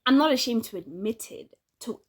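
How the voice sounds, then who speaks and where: Chatty woman, slightly high voice. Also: lively intonation, normal speed, breathy edge. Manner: opinionated, chatty, laughs often, addresses viewers directly. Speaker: vlogger and podcaster. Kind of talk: casual direct-to-camera monologue.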